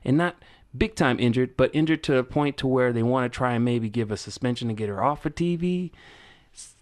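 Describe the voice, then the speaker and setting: A man co-hosting a wrestling podcast in a casual chat, excitable, often stumbling and repeating words as he starts a point. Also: medium pitch, a little fast. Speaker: podcast co-host.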